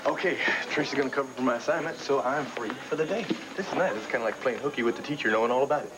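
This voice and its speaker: A playful young porter who teases and jokes, played by an actor in a 1980s soap opera. His voice sits at a medium pitch. Heavy noise runs under the recording. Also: racing, natural voice. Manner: teasing, joking. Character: joking young man, a porter.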